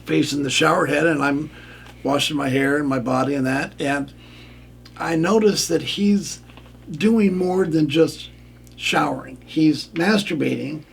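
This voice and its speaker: Older man, radio guest, gravelly, plainspoken storyteller. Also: fairly high pitch, fairly bright tone. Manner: plainspoken, acts out quoted lines. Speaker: guest, former referee. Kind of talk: candid storytelling.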